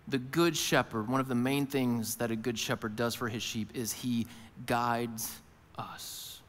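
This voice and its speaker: A man preaching a sermon from a church stage, his voice slightly high for a man. He swings from near-whispers to loud, emphatic bursts and acts out voices in the first person. A long reverb from the hall trails each phrase. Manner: shifts between hushed intimate lines and loud emphatic ones; voices Jesus and worried listeners in first person. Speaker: pastor. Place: church auditorium.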